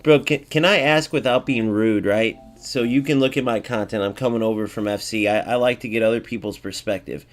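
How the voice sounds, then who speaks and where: A man's voice: fairly low pitch, brisk, few pauses, faint music behind. A man hosting a gaming video, giving casual gameplay commentary in a blunt, sarcastic way and talking straight to his viewers.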